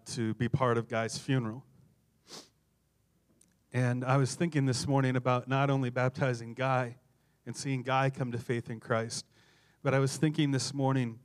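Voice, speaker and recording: A man's voice: medium pitch, clear, resonant tone. A middle-aged man, a pastor, preaching a sermon full of humorous, self-deprecating stories. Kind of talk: sermon with storytelling.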